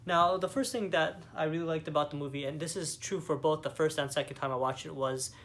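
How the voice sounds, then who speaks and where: Young man, slightly high voice, casual movie review, rambling, enthusiastic, lots of fillers. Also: fairly even intonation, a little fast, a bit bright. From Canada. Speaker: vlogger.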